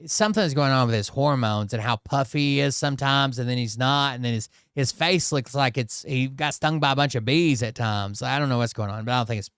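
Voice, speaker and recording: A man's voice: mid-range voice, a little fast, hardly any pauses, a bit bright, clean tone, no room sound, clean studio sound. A man hosting a commentary channel, reacting to clips in a casual, skeptical way with frequent restarts and mocking asides.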